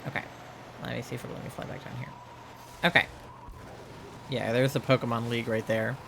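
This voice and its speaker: A man chats his way through a live-streamed video game, rambling and playful, with a bit of sleepiness in his talk. His voice sits at an ordinary pitch with a gravelly, fry-laden edge, and it is recorded at home at his streaming setup. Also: level tone, a little fast, noisy background. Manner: rambling, chatty, playful, with laughs and squeals. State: sleepy, yawning. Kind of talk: casual live-stream gaming commentary.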